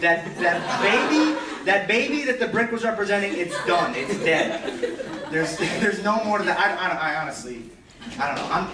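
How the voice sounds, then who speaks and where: A teenage boy tells a rambling, self-deprecating story on stage, tripping over his own restarts. His voice is bright and a bit high for a guy. He is heard from a distance in an echoing school hall with the audience laughing. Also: a little hiss or hum. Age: teens. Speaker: student stand-up comic. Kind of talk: stand-up storytelling. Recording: echoey hall, from far off.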